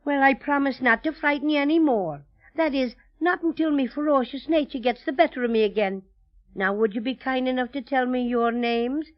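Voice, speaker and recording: Cheery little irish teddy bear, highish voice, old muffled radio sound. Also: male voice, normal speed. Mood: friendly. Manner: lilting, cheery, says "me" for "my". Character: small teddy bear, male, friendly and playful. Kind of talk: 1930s radio drama. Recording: dull old radio recording.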